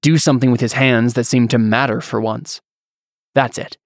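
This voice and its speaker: Brief: measured male fiction narrator, mid pitch, dry booth. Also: fairly even intonation, dry recording. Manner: measured storyteller reading.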